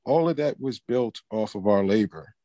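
A man's voice: on the low side, animated, normal speed, dark tone, dry recording. A man speaking hesitantly with many fillers in a casual discussion.

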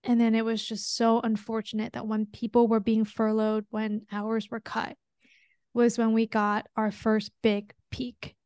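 A young adult woman, a pharmacist co-hosting a podcast, talking in a casual, earnest way and quick to get emotional. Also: on the high side, monotone, a little mellow, clean tone, no room sound, studio quality.

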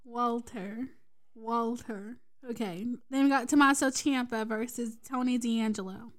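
A woman's voice: a little high, fairly even intonation, unhurried. A woman co-hosting a podcast in casual chat, reading out the match card and teasing her co-host.

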